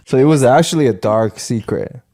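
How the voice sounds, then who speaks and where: A man's voice: mid-range voice, expressive, brisk, mellow, faint music behind. A man co-host listening along and chiming in with short reactions and questions. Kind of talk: casual chat.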